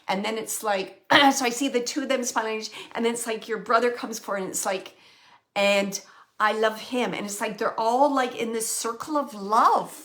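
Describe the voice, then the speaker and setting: A woman giving a spiritual reading as a medium, gently relaying messages and pausing often to search for words. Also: fairly high pitch. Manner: halting, searching for words, many pauses and fillers. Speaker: psychic medium.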